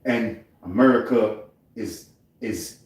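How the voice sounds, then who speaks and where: A man's voice: lowish voice, slow pace. Male Bible class teacher, easygoing preacher talk, distant mic, big room echo. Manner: conversational preaching, repeats "you see what I'm saying". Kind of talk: live Bible class discussion. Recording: echoey room from far off.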